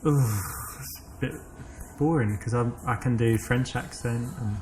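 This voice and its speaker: A man's voice: mid-range voice, measured pace, a little mellow, soft background music, close to an everyday voice. A man with an English accent playing a teasing, self-assured flirt in a game. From England. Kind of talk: game dialogue.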